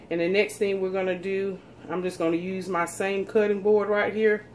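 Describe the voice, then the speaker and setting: A woman walks viewers through a recipe in a relaxed, folksy way. Her voice sits a little lower than most women's. She talks from her home kitchen with a faint hiss in the background. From North Carolina, USA. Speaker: cooking channel host. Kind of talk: casual cooking demonstration.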